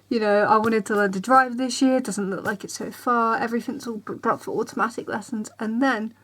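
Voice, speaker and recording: In her bedroom, a young woman vlogger chats casually to the camera, sounding tired and rambling. Her voice is medium-pitched at a normal speed, and now and then it drops to a soft near-whisper.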